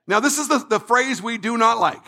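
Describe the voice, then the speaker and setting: High, bright-voiced man preaching slowly. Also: animated. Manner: emphatic preaching with repeated phrases and rising shouts. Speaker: pastor. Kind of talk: sermon.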